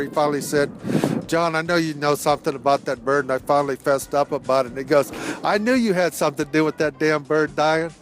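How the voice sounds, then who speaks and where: A man's voice: on the high side, slight background noise. A middle-aged man telling a rambling, profane personal anecdote in a laid-back way. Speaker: storyteller. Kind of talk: recorded anecdote.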